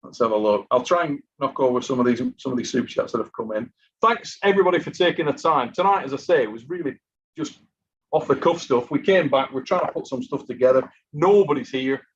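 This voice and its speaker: Tired, husky-voiced man hosting live. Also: mid-range voice, quick pace. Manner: chatty, reads out super chats. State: exhausted from lack of sleep. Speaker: host of an armwrestling live stream. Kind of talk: casual live-stream chat. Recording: muffled lo-fi live stream audio.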